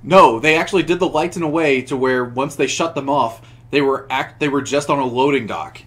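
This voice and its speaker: A man's voice: mid-range voice, a little fast. A young man chatting casually on a podcast, recapping a wrestling show with lots of restarts and laughter. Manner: rambling, many restarts, laughs while telling. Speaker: podcast co-host.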